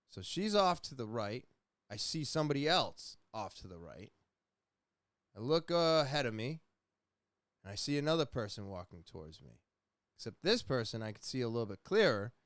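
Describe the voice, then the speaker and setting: A young adult man hosting a podcast, casually telling a rambling, profane story with animated retellings. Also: medium pitch, no room sound, clean studio sound. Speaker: podcast host.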